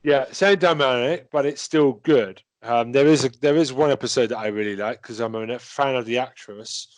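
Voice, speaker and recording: A man's voice: mid-range voice, moderate pace, dry recording. Rambling man, dry close sound. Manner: rambling, swears freely, many fillers and restarts. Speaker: podcast co-host. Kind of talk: casual chat.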